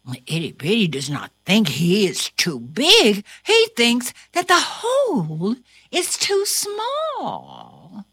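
A woman reads a children's storybook aloud, her bright voice rising and falling in wide swoops. She takes her time over every line and adds gasps and little sound effects for fun. The recording is close and dry. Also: on the high side, husky, no room sound. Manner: slow, sing-song and animated, with gasps and playful sound effects. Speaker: storybook reader. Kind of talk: children's picture book read-aloud.

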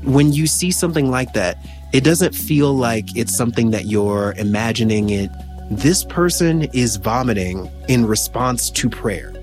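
A man telling a personal story as an interview guest, reflective and pausing to search for words. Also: medium pitch, darkish tone, soft background music.

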